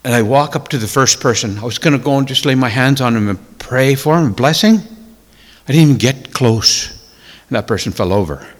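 A man telling a personal testimony in a sermon, emotional and tearful, dropping to hushed whispers and rising to loud exclamations. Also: medium pitch, moderate pace, big-room sound. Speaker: preacher.

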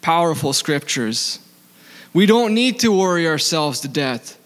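A man with a non-native accent preaches in a sing-song, slightly bright voice that's fairly high for a man. His sermon keeps turning to questions for the listeners that he then answers, with scripture read out slowly. The hall gives his voice a long reverb.

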